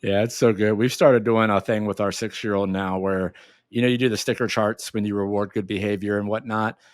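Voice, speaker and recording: A man hosting an interview over a call, talking in a friendly, relaxed way. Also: on the low side, fairly quick, no room sound, clean studio sound. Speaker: host. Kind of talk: casual interview talk. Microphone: remote call.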